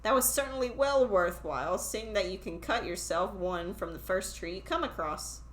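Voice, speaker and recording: A woman's voice: mid-range voice, lively intonation, moderate pace, roomy sound, slight background noise, natural voice, low-quality recording. A woman reading a skeptical old tailor.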